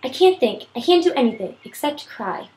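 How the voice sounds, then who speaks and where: A woman with a sore throat reading aloud as a grieving teenage girl in a reader's theater, in a higher, strained voice. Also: big pitch swings, a little fast, a little mellow, echoey room, a little hiss or hum. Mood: anguished.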